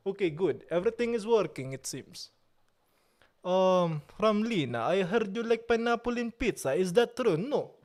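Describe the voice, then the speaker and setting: A man's voice: high voice, expressive, darkish tone. A young man from Italy hosting a live stream, chatting casually with viewers in a playful mock-outraged way. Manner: playful mock outrage, slow drawn-out delivery. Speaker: livestream host.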